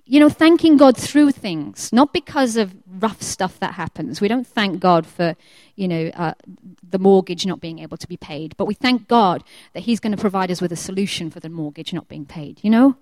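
A woman preaching a sermon, lively and conversational, who acts out the prayers of the people she talks about. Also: mid-range voice, moderate pace, no echo. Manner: lively, acts out quoted prayers in changing voices.

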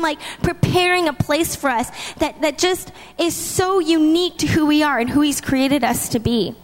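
A woman preaching a sermon in a lively, chatty way. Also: high voice. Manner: lively, chatty, laughs between points. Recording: long hall reverb.

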